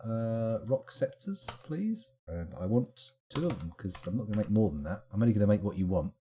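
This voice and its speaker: A man's voice: lowish voice, expressive, normal speed, background noise. A man giving live, casual commentary while streaming a game, rambling along with wry asides.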